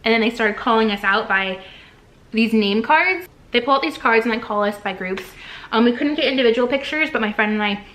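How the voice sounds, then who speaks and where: Gushing, high-voiced young woman vlogger. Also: a little fast, fairly bright tone. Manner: gushing, breathless, many fillers and restarts. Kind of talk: excited storytelling to camera.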